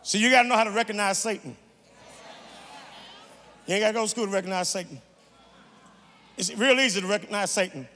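A man preaching a sermon as guest preacher in a large church, his rhythmic delivery swelling into shouted, sung cadences. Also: high-pitched, a little fast, long pauses, slight background noise. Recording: echoey hall, faint room ambience.

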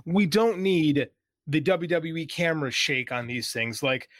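A man co-hosting a casual podcast, griping in an exasperated rant. His voice sits a little high and jumps around with lively swings in pitch. The sound is dry and close, with no room around it. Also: a little slow, no room sound. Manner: exasperated ranting, animated swings. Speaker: podcast co-host.

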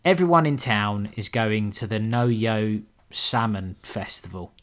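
A man's voice: on the low side, unhurried. A man co-hosting a casual film chat, sweary and laughing often, acting out lines in funny voices. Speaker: podcast co-host.

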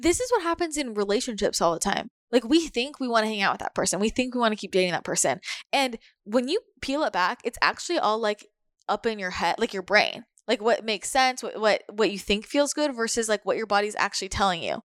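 A woman talking in a relaxed, candid podcast conversation, speaking in a mid-range voice. The sound is dry and close, with no room echo. She swears casually and acts out the things she told herself. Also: mid-range voice, brisk. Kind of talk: casual spiritual chat.

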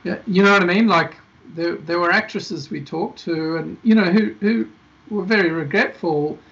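A man's voice: sits high, normal speed, vocal fry, fairly bright tone. A male film director guest, talking casually and rambling with many restarts in a podcast interview. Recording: dull lo-fi podcast audio.

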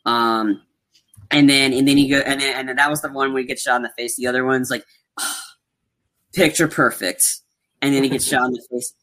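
A man's voice: mid-range voice, little pitch movement, fast talker, bright, forceful tone. A man in casual conversation, recapping movie scenes with lots of fillers and restarts. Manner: rambling, many fillers, acts out quotes.

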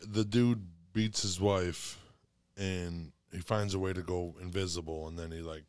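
A young man in easy conversation with a somewhat low voice. He tells loose, swearing stories and laughs his way through them. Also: steady tone, unhurried, a little mellow, clear, resonant tone, no room sound. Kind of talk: casual chat.

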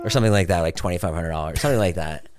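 A young man with a low voice tells a story in rapid-fire casual chat. He's an animated storyteller who acts out the people involved and swears freely.

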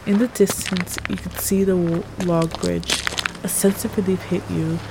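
Slightly low-voiced woman narrating a tense story. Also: steady tone, normal speed, gravelly, background noise. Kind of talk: second-person audio story narration. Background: music.

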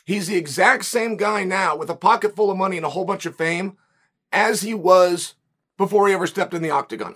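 Hoarse man hosting a sports podcast. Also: high voice, fairly bright tone. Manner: talks with a lozenge in his mouth; chatty, emphatic and rambling. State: hoarse, losing his voice. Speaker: podcast host. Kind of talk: solo sports podcast monologue.

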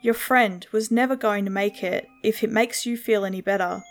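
A woman's voice: medium pitch, steady tone, soft background music, natural voice. A woman voicing a terse, impatient man who gives curt, grim advice. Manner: curt, blunt, no pauses.

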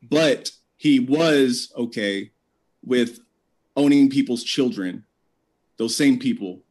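A man's voice: medium pitch, slow pace, darkish tone. A young man in an online debate, wry and stammering a little as he restarts his sentences.

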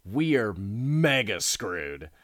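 A man's voice: fairly low pitch, big pitch swings, drawn-out words, fairly bright tone, no room sound, studio quality, heavily acted. Man doing a cornered, panicking guy. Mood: panicked.

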